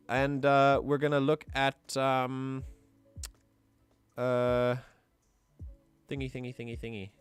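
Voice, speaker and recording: A man's voice: mid-range voice, animated, slow, pauses often, clean tone, dry recording, faint music behind. A man streaming, chatting casually and thinking aloud as he plans out a game character. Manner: musing aloud, easygoing. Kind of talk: casual livestream chat.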